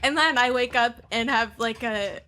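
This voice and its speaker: A woman's voice: on the high side, normal speed, a crowd in the background. A woman guest telling anecdotes on a podcast, laughing through her stories. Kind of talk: casual podcast chat.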